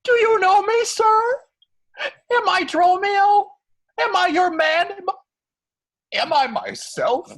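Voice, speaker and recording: A man's voice: on the high side, slow, husky, full character voice. An actor reading a frantic comic male servant in a live online Shakespeare scene, talking over a video call. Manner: excitable, wildly swooping delivery.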